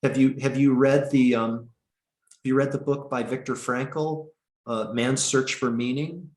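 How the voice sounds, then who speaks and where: A man teaching an online meditation class, speaking slowly and haltingly with many restarts, over a video call. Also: medium pitch, fairly even intonation, a little mellow, roomy sound. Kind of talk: online dharma talk.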